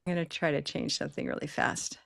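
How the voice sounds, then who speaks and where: A woman teacher on a video call, laughing easily while she quizzes her learners on word stress. Her voice is mid-pitched and the sound is dry and close, with no room around it. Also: fast, gravelly, no room sound. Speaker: teacher and co-host. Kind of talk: live online English lesson.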